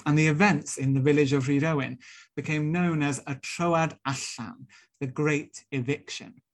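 A young minister-elect from Wales gives a sermon-style talk full of earnest, rhetorical storytelling. His voice is on the high side, with fairly even intonation and a moderate pace.

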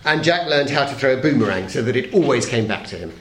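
A middle-aged man reading a children's story aloud to an audience, playful and expressive, dropping very soft for suspense. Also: medium pitch, quick pace, hardly any pauses, a little hiss or hum. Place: talk hall. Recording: echoey hall.

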